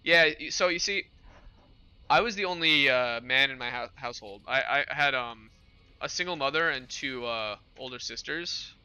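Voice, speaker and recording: A young man hosting a livestream, chatting casually with his chat in a relaxed, rambling way. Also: medium pitch, normal speed, clean tone, soft background music. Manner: relaxed rambling with fillers and laughs. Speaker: livestream host. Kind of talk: casual stream chat with chat readers.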